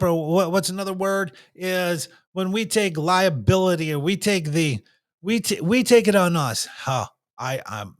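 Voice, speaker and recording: A man giving a casual talk on communication, repeating his points and acting out little quotes. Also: sits high. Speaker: communication speaker.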